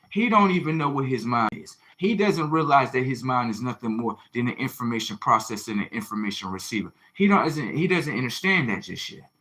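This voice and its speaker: A man's voice: fairly high pitch, pushed and bright. Man lecturing hard on a livestream. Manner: confrontational, lecturing, full of rhetorical questions; slangy, swearing, repeats phrases for emphasis. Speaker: livestream host. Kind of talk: preachy livestream monologue.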